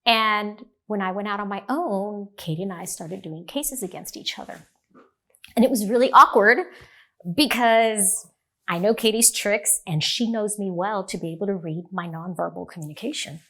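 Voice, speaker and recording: A middle-aged woman, a divorce lawyer, talking in an animated storytelling way and acting out the dialogue. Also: medium pitch, normal speed. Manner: animated, acts out quoted dialogue. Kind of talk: storytelling in a podcast interview.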